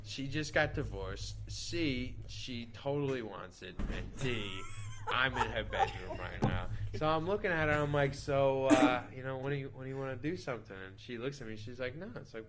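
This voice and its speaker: A man's voice: mid-range voice, animated, moderate pace, very noisy. Rambling young man telling a crude story. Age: 20s. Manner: rambling, crude, lots of fillers and repeats. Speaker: podcast storyteller. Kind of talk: casual chat, telling a story.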